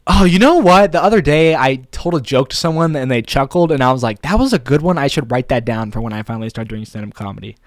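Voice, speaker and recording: A man's voice: medium pitch, fast talker, hardly any pauses, no echo, studio quality. A young man vlogging casually, thinking aloud in a rambling, playful way. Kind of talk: casual talking to camera.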